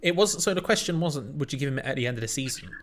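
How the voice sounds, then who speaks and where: A man's voice: medium pitch, expressive, quick pace, slight background noise. A man co-hosting a live football watch-along, teasing his partner and reading chat in playful banter. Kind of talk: casual live stream chat.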